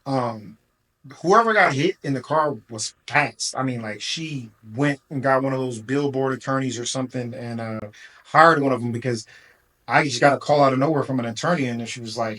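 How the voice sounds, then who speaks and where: A man's voice: medium pitch, normal speed, sharp tone, rough recording. A man who runs a car rental business, telling a long story in a casual, rambling way, full of fillers and quoted back-and-forth.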